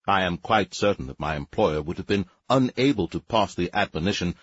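A man reading a sci-fi audiobook as narrator, measured storytelling with wry asides. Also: sits low, expressive, breathy edge, dry recording, dull audio. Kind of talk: scripted narration.

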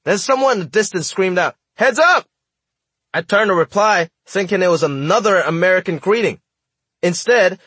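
A man's voice: on the high side, fairly bright tone, slightly rough, dry recording. A man from Hong Kong reading his own memoir aloud in a wry, comic storytelling manner. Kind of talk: audiobook narration.

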